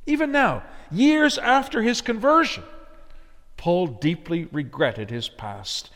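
A man preaching an expository sermon, pressing hard on key words, then dropping to quiet, low phrases. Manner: emphatic, swinging between loud stresses and quiet low phrases. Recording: long hall reverb.

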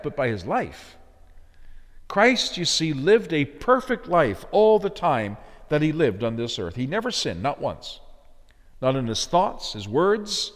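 A man preaching in a church sanctuary, his voice sitting a little high and swinging widely in pitch. He hammers key words, then falls quiet and low. A long reverb hangs after each phrase. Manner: emphatic, swinging between loud stresses and quiet low phrases. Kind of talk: expository sermon.

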